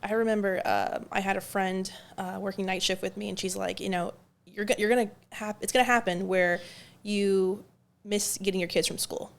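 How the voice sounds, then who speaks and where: A woman, a night-shift nurse co-hosting a podcast, telling an animated, self-deprecating story in casual chat. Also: medium pitch, moderate pace, vocal fry.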